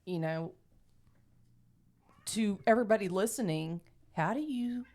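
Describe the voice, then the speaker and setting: A woman co-hosting a podcast, talking casually in a halting way with many fillers. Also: medium pitch, a little mellow. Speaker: podcast co-host. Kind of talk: casual discussion.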